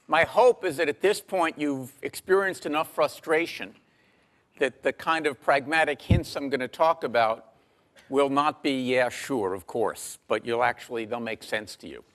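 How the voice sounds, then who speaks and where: Male lecturer, mid-pitched, dry wit, measured delivery with ums, lapel mic in a lecture hall. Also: fairly bright tone. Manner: dry humor, measured, frequent ums and uhs. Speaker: university lecturer. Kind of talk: classroom lecture.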